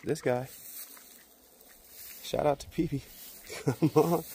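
A man vlogging outdoors at a beach spot while walking his dog, calling to it in high, loud bursts and dropping to low asides. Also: fairly even intonation, takes it slowly, a little hiss or hum. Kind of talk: casual vlog chatter.

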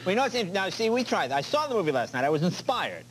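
A man's voice: high-pitched, very animated, fast, fairly bright tone. A man hosting a talk show interview, chatty and laughing along with his guest. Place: television studio before an audience. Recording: hissy old VHS broadcast tape.

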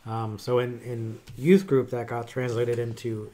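A middle-aged man who works as a chaplain, talking in a thoughtful, halting way with many pauses and fillers. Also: medium pitch, level tone, mellow, slight background noise. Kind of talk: casual conversation.

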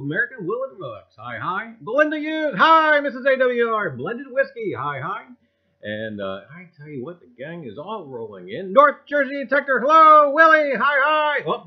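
A high-pitched man hosts a livestream in casual, joking chat, greeting viewers by name and falling back on the same stock phrases. His voice is husky and swings widely between high and low. The audio is dull and lo-fi. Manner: jokey, greets viewers one by one, repeats catchphrases. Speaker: livestream host.

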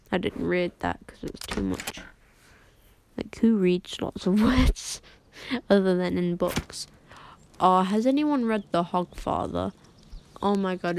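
A young woman streaming a game, chatting in a rambling, excitable way and giggling often. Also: on the low side, vocal fry, a little hiss or hum. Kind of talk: casual live-stream chat.

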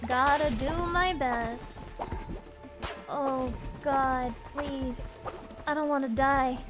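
High-voiced young woman streamer, foul-mouthed and excitable, casual chat over loud game music. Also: drawn-out words. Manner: excitable, swears a lot, frequent loud outbursts.

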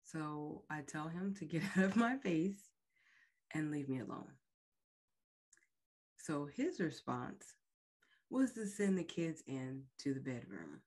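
A woman with a low voice speaks slowly and deliberately as she recounts a personal story. Her telling is frank and emotional, with a podcast host's direct address. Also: big pitch swings, darkish tone. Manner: slow, emotional, frank retelling. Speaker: podcast host.

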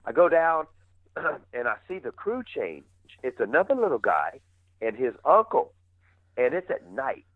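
A man's voice: mid-range voice, measured pace, pauses often, dry recording, phone-quality sound. A man telling wild stories as a podcast guest, casually, with lots of swearing. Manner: animated, swearing, acts out other voices. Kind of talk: casual storytelling.

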